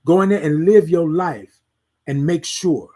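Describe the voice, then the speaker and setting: In a high, husky voice, a podcast host delivers a motivational talk at an unhurried pace. He repeats lines the way a preacher would and drifts into quiet, murmured self-talk.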